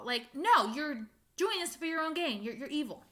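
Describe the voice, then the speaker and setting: A young woman ranting casually to her viewers, animated and exasperated, with frequent laughs and fillers. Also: sits high, normal speed, few pauses. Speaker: fan vlogger. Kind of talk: casual rant to camera.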